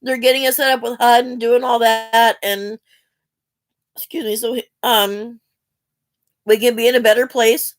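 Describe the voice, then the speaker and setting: A woman's voice: on the high side, level tone, a little slow, pauses often, no echo. A woman, talking earnestly and in a rambling, heartfelt way to her viewers, asking for help. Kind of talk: emotional personal talk to camera.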